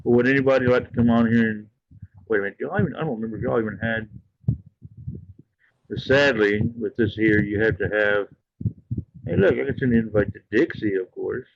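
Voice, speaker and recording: A man's voice: fairly low pitch, a little fast, gravelly, pauses often. Guy rambling earnestly on a live stream, kinda dull lo-fi sound. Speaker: livestream host. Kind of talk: casual livestream chat.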